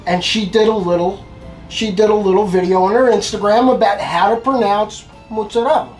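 A man's voice: high-pitched, fairly quick, a little mellow, soft background music, rough recording. A man hosting a cooking show, bantering in a joking, teasing way. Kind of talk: casual banter.

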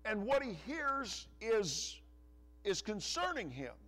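A male pastor preaching a sermon in church, pressing hard on some phrases and letting others drop low and soft. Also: very animated, takes it slowly. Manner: preaching with rising emphasis and soft, dropping asides. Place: church sanctuary.

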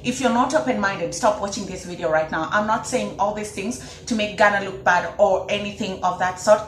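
In an echoey room, a Kenyan woman with a medium-pitched voice vlogs casually to the camera, sharing her opinions. She's emphatic and keeps repeating her points for her viewers.

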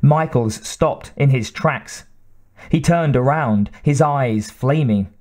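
A man narrating an audiobook in a measured reading style. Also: medium pitch, darkish tone. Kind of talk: scripted narration.

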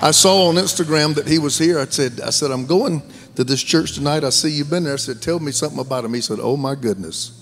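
A man in his fifties with a thick Southern American accent, preaching a sermon from a church stage. His voice sits a little high for a man, and he mixes folksy jokes with shouted bursts of fervor. Soft music plays underneath. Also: fast talker. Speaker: guest pastor. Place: large church sanctuary.

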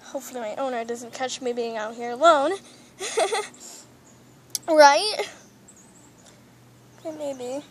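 A woman's voice: high-pitched, slow pace, pauses often, a little hiss or hum. A woman voicing a shrieking plush pet toy. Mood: shaken. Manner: dramatic shrieks and pleading. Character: excitable female plush pet toy, easily panicked. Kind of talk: toy role-play video.

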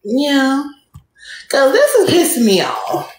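A woman's voice: high-pitched, huge pitch swings, slow, darkish tone. Woman goofing around on a live stream, cussing at chat, echoey room. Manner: playful, profane, talks straight to the chat. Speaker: livestream host. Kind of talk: casual livestream chat. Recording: echoey room, faint noise.

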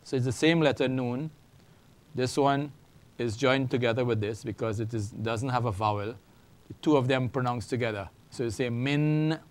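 A middle-aged man teaching an Arabic lesson, speaking slowly and repeating words for learners. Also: medium pitch, fairly even intonation. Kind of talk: classroom language lesson.

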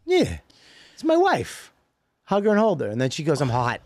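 A man's voice: high-pitched, wildly swooping pitch, normal speed, darkish tone, no room sound. A man co-hosting a comedy podcast, griping and swearing in a mock-indignant way while he has a head cold. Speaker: podcast co-host. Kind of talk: casual comedic banter.

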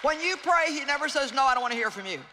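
A woman preaching an evangelistic sermon, earnest and pleading as she repeats her key phrases. Her voice is bright and forceful. It rings out with the long reverb of a large hall. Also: high voice, lively intonation, fast talker, some chatter behind, slight background noise. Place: large hall with live audience.

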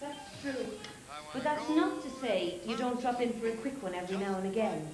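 An actress with an Irish accent playing a mild, dutiful 1950s Irish housewife in a comedy sketch. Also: female voice, fairly high pitch, normal speed, echoey room, lightly acted. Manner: mild, hesitant, quietly pleading. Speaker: sketch actor.

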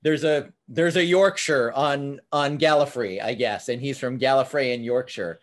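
Man, podcast host, casual chat, anecdotes, laughs often, mid pitch. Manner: chatty, anecdotal, quick laughs.

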